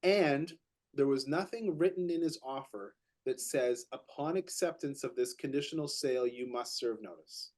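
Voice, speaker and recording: Co-hosting a podcast, a man with a medium-pitched voice and moderate pace tells a real estate story in casual conversation. He's animated, repeats words as he gets excited, and acts out what other people said.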